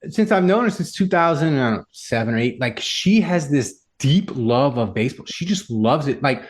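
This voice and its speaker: A man's voice: mid-range voice, normal speed. A man hosting a casual sports podcast, telling stories in a rambling way with lots of fillers. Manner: rambling, filler-heavy, animated storytelling. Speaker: podcast host.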